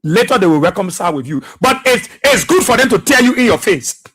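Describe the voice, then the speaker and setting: A man's voice: sits high, very animated, fairly quick, fairly bright tone, husky. A man giving impassioned political commentary as a radio talk show host, repeating phrases for emphasis.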